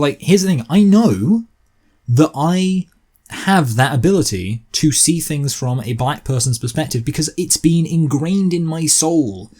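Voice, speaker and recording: A man's voice: a little high, darkish tone, slightly rough. A young man with a posh English accent gives an argumentative opinion monologue, rambling and often correcting himself. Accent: posh southern English.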